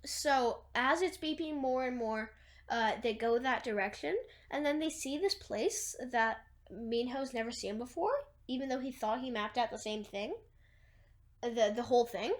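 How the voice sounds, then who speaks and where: A woman's voice: fairly high pitch, normal speed. A woman casually retelling a movie plot, rambling through long chains of "and then" and fillers, with wry asides. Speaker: movie recapper.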